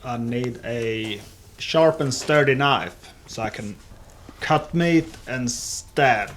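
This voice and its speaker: A man playing a tabletop game, speaking in a deadpan way. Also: mid-range voice, slow, slight background noise. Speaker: player. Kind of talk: casual tabletop role-play.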